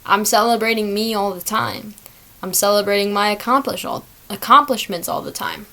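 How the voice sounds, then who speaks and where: A woman's voice: medium pitch, moderate pace, bright, forceful tone. A young adult woman hosting a solo podcast, chatting in a rambling, self-deprecating way. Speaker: podcast host. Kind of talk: casual solo podcast monologue.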